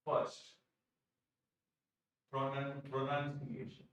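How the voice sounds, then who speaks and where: Echoey Indian English teacher lecturing. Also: male voice, mid-range voice, monotone, drawn-out words, fairly bright tone. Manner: emphatic, repeats key phrases, asks and answers his own questions. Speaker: vocabulary teacher. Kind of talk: live online exam-prep lecture. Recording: very echoey room, distant from mic.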